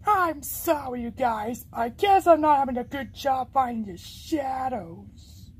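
Eager cartoon heroine voiced by a woman, high and lively, slow and melodramatic. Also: husky, full character voice. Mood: apologetic. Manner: dramatic, wailing outbursts. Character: excitable, hopeful young heroine.

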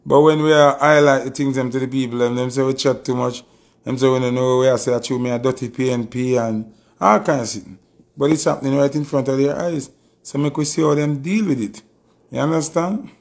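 A man's voice: medium pitch, fairly quick. Emphatic Jamaican man on a live stream. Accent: Jamaican Patois. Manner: emphatic storytelling, repeated oaths. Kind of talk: casual live-stream monologue.

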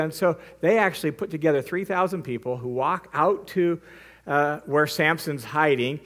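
A man teaching as a Bible teacher, retelling a story in a lively, conversational way with frequent asides. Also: fairly high pitch, moderate pace. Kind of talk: casual storytelling lesson.

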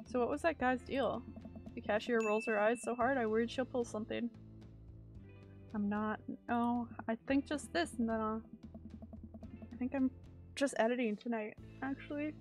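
A woman's voice: fairly high pitch, steady tone, moderate pace, pauses often, faint music behind. Wry Canadian woman streamer, joking. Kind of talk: casual let's-play commentary, reading game text aloud.

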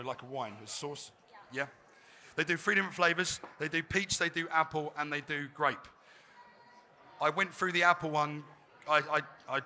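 Bright chatty chef at a demo. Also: male voice, on the high side, a little hiss or hum. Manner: chatty, joking, self-deprecating. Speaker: chef giving a cooking demonstration. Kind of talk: live cooking demo talk. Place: trade fair demo stage.

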